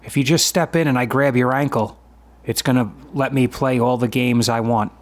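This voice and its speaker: A man's voice: mid-range voice, steady tone, normal speed. A man in his fifties narrating and explaining his own grappling sparring footage in a matter-of-fact, conversational way. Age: 50s. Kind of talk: voice-over commentary on a sparring video.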